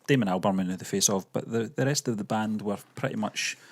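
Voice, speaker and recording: Low-voiced man, musing and hesitant. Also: quick pace. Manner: hesitant, musing, many ums. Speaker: co-host. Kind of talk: casual movie news chat.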